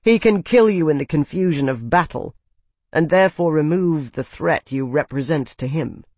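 A fantasy audiobook narrator with a steady, expressive and dramatic delivery. The voice sits mid-pitch. It is recorded dry and close. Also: normal speed, no room sound.

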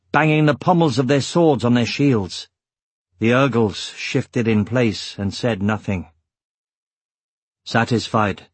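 A man narrating an audiobook with measured, steady storytelling. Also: mid-range voice, no echo. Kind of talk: scripted narration.

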